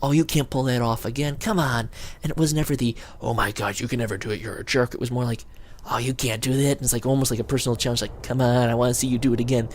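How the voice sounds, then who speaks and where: A man talking casually to his camera, rambling and excited as he acts out what his friends said. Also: medium pitch, quick pace. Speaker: video blogger.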